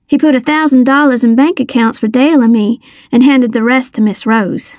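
A woman reading a first-person novel aloud with lively, expressive storytelling. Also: a little high, moderate pace, no room sound, studio quality. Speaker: audiobook narrator. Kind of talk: scripted first-person narration.

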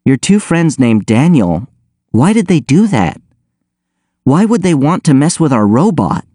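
A man's voice: fairly high pitch, big pitch swings, unhurried, mellow, breathy edge, dry recording, clean studio sound, voice pushed up, heavily acted. A man doing a pleading young schoolgirl. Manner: anxious, pleading. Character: stressed young schoolgirl on robot team.

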